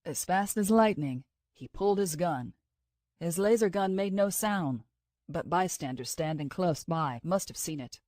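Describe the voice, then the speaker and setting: A woman reading an audiobook aloud in a steady, even storytelling manner. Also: on the low side, dry recording, clean studio sound. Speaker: audiobook narrator. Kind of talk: scripted narration.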